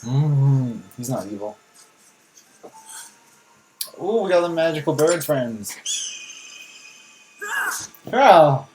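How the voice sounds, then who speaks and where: A young man hosts a live reaction video. He sounds baffled and keeps laughing, blurting out questions. His voice sits at an ordinary pitch. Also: lively intonation, takes it slowly, long pauses, mellow, a little hiss or hum. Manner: incredulous, laughing, repeats "what?".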